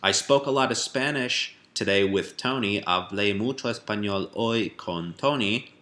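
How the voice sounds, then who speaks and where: A man giving a relaxed spoken language lesson, explaining step by step with fillers and rephrasing. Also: on the low side, normal speed. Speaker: language teacher.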